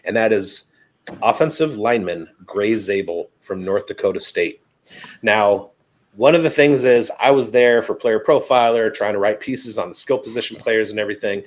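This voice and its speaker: A man on a casual podcast breaking down football prospects, telling stories with lively, animated delivery. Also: on the low side, moderate pace, poor audio. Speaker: fantasy football analyst.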